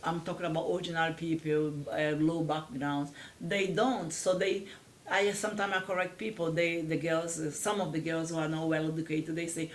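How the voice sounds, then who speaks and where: A man with a Brazilian Portuguese accent, speaking English as his second language in a slightly high voice. He sounds earnest and opinionated as an interview guest and often breaks off to restart a sentence. The room is echoey, with a faint hiss of noise behind him. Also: flat delivery, normal speed.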